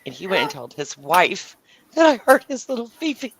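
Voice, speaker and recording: A middle-aged woman with a lower voice tells stories in a casual chat. Her pitch swings widely as she acts out the people in them, and she swears freely. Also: big pitch swings, normal speed, gravelly, breathy edge, dry recording. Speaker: show host.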